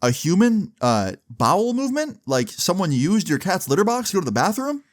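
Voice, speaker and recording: A man's voice: high voice, big pitch swings, brisk, pitched above the performer's own voice. A man voicing a woman at a vet's office who questions in disbelief. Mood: incredulous.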